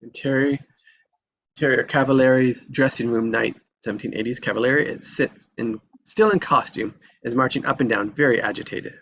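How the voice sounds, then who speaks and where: Brief: man with a gravelly voice reading stage directions plainly. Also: medium pitch, steady tone, fairly quick, fairly bright tone, muffled recording. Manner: plain, matter-of-fact.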